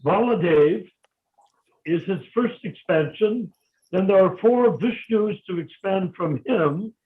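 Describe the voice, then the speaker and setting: Insistent male debater, higher register, heard over a thin phone-quality video call line. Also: lively intonation, slow. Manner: insistent, interrupting, lecturing. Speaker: discussion participant. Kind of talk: heated philosophical debate.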